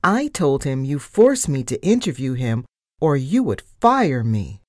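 A woman plays a pushy young female mouse reporter who talks her way into anything. She is brash and cheeky, her low voice bouncing through lively rises and falls. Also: measured pace, dry recording, studio quality, heavily acted. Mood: chatty.

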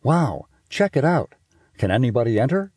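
A man voicing an excitable young boy who loves smells, eager and boastful. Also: medium pitch, moderate pace, husky, no room sound, voice pushed up.

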